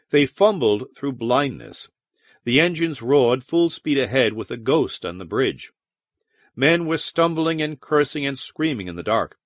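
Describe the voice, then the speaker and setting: A man narrating an audiobook with expressive, dramatic storytelling. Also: mid-range voice, measured pace, no echo. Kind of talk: scripted narration.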